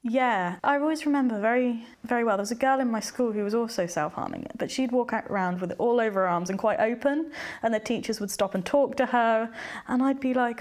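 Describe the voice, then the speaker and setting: A woman's voice: a little high, brisk, darkish tone. A young woman from England speaking candidly as an interview guest, retelling her experiences and acting out her past thoughts. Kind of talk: personal testimony in conversation.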